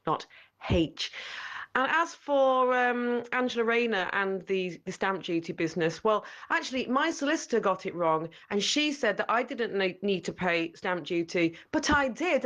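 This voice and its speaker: A woman from England calls in to a radio show and lays out her view plainly and emphatically. Her voice sits at an ordinary middle pitch. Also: fairly bright tone. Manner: emphatic, matter-of-fact opinions. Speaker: caller. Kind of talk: phone-in call.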